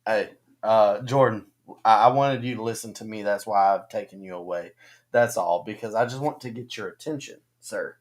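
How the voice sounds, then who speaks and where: A man co-hosting a casual fantasy football livestream, talking haltingly with many ums and restarts. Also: fairly low pitch. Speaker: co-host of a fantasy football stream.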